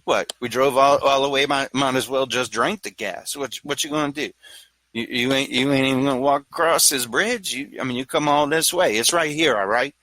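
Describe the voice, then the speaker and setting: Brash New York inner voice that goads, punchy and forceful, as a man puts it on. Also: medium pitch, dry recording, pitched above the performer's own voice, close to an everyday voice, rough recording. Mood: taunting. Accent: New York put-on. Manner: taunting, prodding, fast bursts. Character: man's own pep-talk inner voice, brash and needling.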